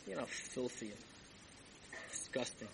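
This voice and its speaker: A man's voice: mid-range voice, unhurried, vocal fry, background noise. A man telling a Hasidic tale as a rabbi in a sermon, acting out the dialogue and dropping Yiddish and Hebrew words as he goes. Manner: animated storyteller, acts out dialogue, Yiddish-laced asides. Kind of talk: storytelling sermon. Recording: archival tape with faint background ambience.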